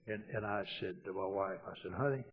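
Husky older preacher. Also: male voice, sits low, level tone, a little fast. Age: 60s. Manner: homespun, dips quiet then swells loud for emphasis. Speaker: pastor. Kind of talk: folksy storytelling sermon. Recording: dull lo-fi recording.

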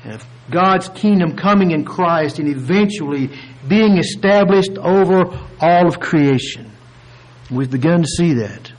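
Male preacher, higher voice, earnest and deliberate sermon delivery that stretches key words. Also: rough recording. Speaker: pastor.

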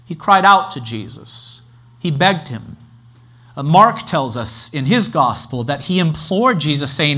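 Man preaching a measured sermon. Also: fairly high pitch, animated, pushed and bright. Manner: measured expository preaching with occasional restarts. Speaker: pastor.

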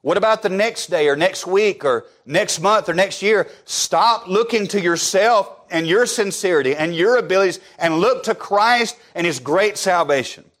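Emphatic, rather high-voiced male preacher. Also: normal speed, few pauses, fairly bright tone. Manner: emphatic, with rhetorical questions and repetition. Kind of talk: sermon.

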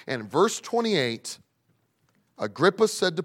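A man preaching a sermon to young people, emphatic, swinging between loud pleading and hushed asides. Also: sits high, lively intonation, moderate pace. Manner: speaks directly to young people in the congregation.

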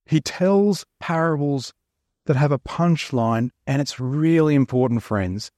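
Chatty Australian pastor with a higher voice. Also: male voice, darkish tone, dry recording, studio quality. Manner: chatty, joking storyteller. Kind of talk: sermon.

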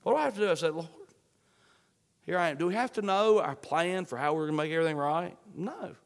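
A man preaching a sermon, fervent, swinging between shouts and hushed pleading. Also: on the high side, fast talker, creaky. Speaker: pastor. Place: church sanctuary. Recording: long hall reverb.

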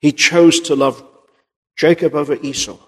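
Male preacher, husky tone, emphatic sermon delivery, long hall echo. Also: fairly high pitch, fairly even intonation, normal speed, fairly bright tone. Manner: earnest, emphatic, quotes King James scripture. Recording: long reverb of a large hall.

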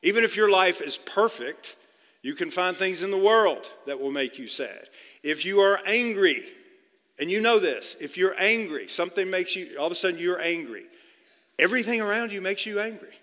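A man preaching a sermon in a conversational way, often checking in with his listeners with a quick "okay?". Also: sits high, expressive, fairly bright tone. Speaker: pastor. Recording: long hall reverb.

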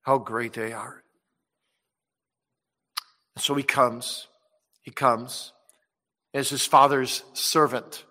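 A man preaching a sermon with passion, rising loud when he voices Jesus and dropping soft and low when he pleads. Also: steady tone, takes it slowly, pauses often. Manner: impassioned, swells loud on quoted words of Jesus and drops soft on pleading. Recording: long reverb of a large hall.

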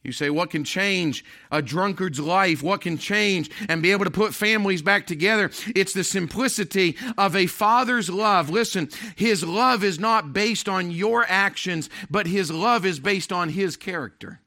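A man preaching a sermon as pastor, emphatic, rising loud and dropping to hushed asides. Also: sits high, moderate pace, hardly any pauses.

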